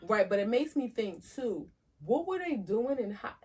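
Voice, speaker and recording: A woman's voice: a little high, sing-song, moderate pace, warm tone, breathy edge. A woman co-hosting a podcast in casual chat, thinking aloud and asking questions. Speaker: podcast co-host.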